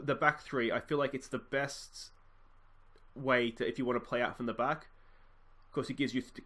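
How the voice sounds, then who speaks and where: A man casually commentating on his football management game as host, musing and reacting to the action. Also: medium pitch. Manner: chatty, musing, bursts of excitement. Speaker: let's play host.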